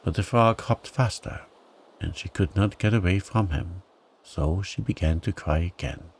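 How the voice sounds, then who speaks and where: A man narrates a bedtime story in a calm, gentle, soothing way. His voice is low and grainy with creak, and he takes his time over every phrase. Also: a little slow.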